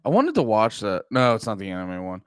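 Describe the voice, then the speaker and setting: Speaking a little fast in a lowish, smooth voice with huge pitch swings, a man chats casually on his livestream. He often curses and brashly ribs viewers, heard through a close desk mic in clean, echo-free studio sound.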